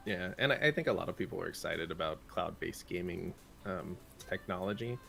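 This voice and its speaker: Male co-host, gravelly low voice, brisk news read-out with joking asides. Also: sharp tone. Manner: brisk list-reading with playful asides. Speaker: morning show co-host reading game news. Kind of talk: casual morning show banter.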